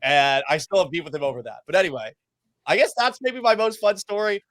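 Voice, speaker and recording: A man's voice: a little high, fairly quick, dry recording. Profane, self-mocking sports radio man. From Massachusetts. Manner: self-deprecating, profane, animated anecdotes. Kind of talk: casual storytelling in a podcast interview.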